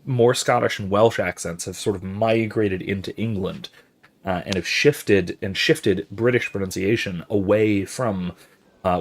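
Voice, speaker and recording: Guy w a lowish voice rambling like a professor while gaming, lots of ums and restarts. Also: gravelly, slightly rough. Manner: reads out viewer chat and reacts. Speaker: gaming channel host. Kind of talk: casual explanatory commentary while playing.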